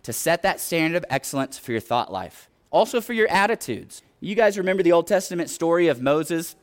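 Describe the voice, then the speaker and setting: A man's voice: fairly high pitch, very animated, a little fast, clean tone. A man preaching a sermon in an earnest, exhorting way, often retelling scripture stories.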